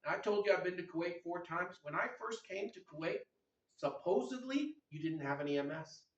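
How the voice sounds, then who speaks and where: Middle-aged male lecturer, slightly high voice, punchy and playful, quizzes the room; echoey, muffled hall sound from a distance. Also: a little fast. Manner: energetic, teasing, asks the audience questions. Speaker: lecturer at a medical workshop. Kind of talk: lively medical lecture.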